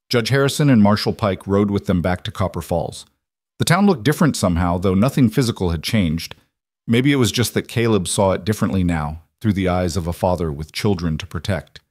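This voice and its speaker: A man narrating a scripted western story in even, steady storytelling. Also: low-pitched, brisk, no room sound, clean studio sound.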